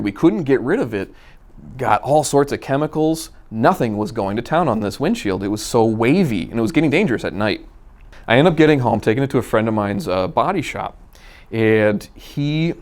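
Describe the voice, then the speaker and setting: A man telling a personal car story in a casual, animated way, acting out the dialogue. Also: medium pitch. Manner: animated, acts out quoted dialogue. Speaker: guest storyteller.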